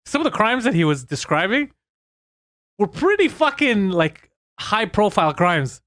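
A man co-hosting a casual podcast, telling stories quickly and acting out the people he quotes. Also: high voice, sing-song, a bit bright, no echo, clean studio sound. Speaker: podcast co-host.

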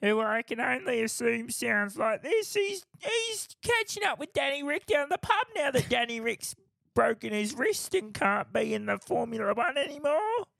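A man voicing a chatty, easily offended used-car seller, in a high, gravelly put-on voice. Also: sing-song, normal speed, a bit bright, no room sound, heavily acted. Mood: huffy.

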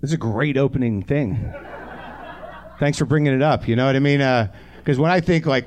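A man's voice: mid-range voice, fairly quick, long pauses, darkish tone. A man in his forties hosting a comedy podcast live on a theatre stage, riffing with the audience in a profane, sardonic way. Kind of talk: live stand-up banter with audience.

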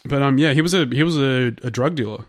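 A man's voice: mid-range voice, quick pace, no echo, studio quality. A young Australian man co-hosting a podcast, talking in a laid-back, wry way with casual swearing. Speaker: podcast co-host. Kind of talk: casual chat.

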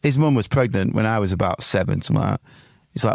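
Fast-talking man telling rambling stories. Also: on the low side, vocal fry, a little mellow, dry recording, clean studio sound. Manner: rambling storyteller, casual swearing. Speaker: podcast co-host. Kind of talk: casual comedy chat.

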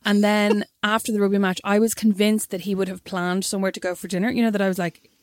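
A young Irish woman telling a story in casual chat, animated and swearing freely. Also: medium pitch, fast talker, no room sound, studio quality. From Ireland.

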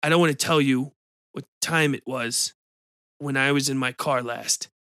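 A man's voice: mid-range voice, fairly even intonation, normal speed, pushed and bright, no echo, clean studio sound. A male narrator voicing a secretive, nervous man hiding out in a bar, curt and evasive.

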